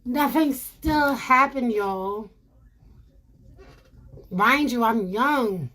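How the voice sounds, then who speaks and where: A woman telling her viewers a personal story in a casual, animated way, repeating herself and calling them y'all. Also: on the high side, extremely slow.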